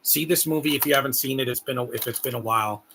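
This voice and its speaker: A man's voice: medium pitch, fast talker, bright, forceful tone, a little hiss or hum. A man giving rambling, heartfelt live commentary on a movie, repeating words as he talks. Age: adult.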